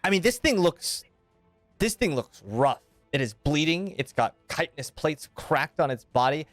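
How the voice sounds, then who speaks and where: A man narrating a tabletop game as game master in a calm, deliberate way. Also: fairly high pitch, dry recording. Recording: dry close mic with faint music.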